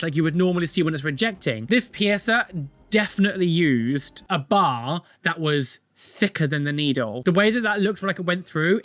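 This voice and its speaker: A man commentates his reactions in a high, swooping voice. He sounds animated and blunt, and he scolds freely. The sound is close and dry, with no room echo. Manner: animated and dramatic, gasping. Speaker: reaction vlogger.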